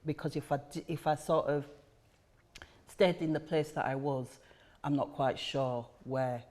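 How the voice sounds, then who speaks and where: A woman's voice: deep voice, fairly even intonation, unhurried, darkish tone. A woman, the chair of a charity, talking reflectively in a podcast conversation and repeating key phrases for emphasis.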